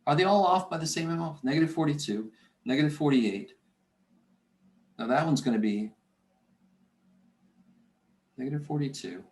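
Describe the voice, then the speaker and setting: A man's voice: a little high, normal speed, long pauses, darkish tone, roomy sound. A man teaching a math lecture, talking himself through the arithmetic and muttering curses under his breath. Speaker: math instructor. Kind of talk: recorded classroom lecture.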